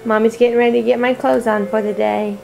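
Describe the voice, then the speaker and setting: A woman's voice: on the high side, level tone, fast talker, creaky, a little mellow, soft background music. A woman speaking for her teething seven-month-old baby girl in first person, in a home video. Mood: fussy, proud.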